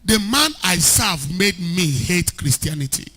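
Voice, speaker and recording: A man preaching an animated sermon as a pastor, rising to shouts at times. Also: high voice, a little slow. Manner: animated preaching, shouting at peaks, mixing in Pidgin.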